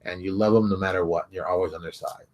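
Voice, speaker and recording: A man hosting his own video podcast, talking casually and animatedly, urging viewers and acting out quick loud quoted voices. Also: low-pitched, fairly even intonation. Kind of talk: casual rambling monologue. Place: home studio in front of a camera.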